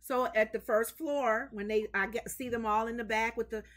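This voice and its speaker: Woman co-host, kinda high voice, lively storyteller, casual chat. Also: moderate pace. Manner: animated storyteller, acts out voices in her stories.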